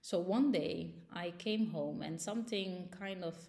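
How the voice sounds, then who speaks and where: A woman's voice: on the low side, unhurried, creaky, darkish tone. A young woman vlogger recounting a personal ordeal, agitated, with frequent fillers and restarts. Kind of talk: personal storytelling.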